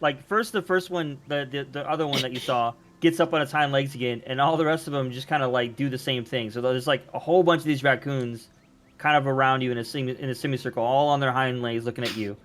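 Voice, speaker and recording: A man's voice: medium pitch, fairly even intonation, quick pace, a bit bright. A man running a tabletop game as game master, narrating in a loose, chuckling way full of fillers. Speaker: dungeon master.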